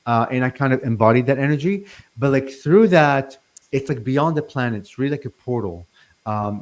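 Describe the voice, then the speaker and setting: Man, 40s, from Lebanon; interview guest; halting, stuttering delivery full of fillers. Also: medium pitch. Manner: stutters, many fillers and restarts. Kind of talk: casual interview talk.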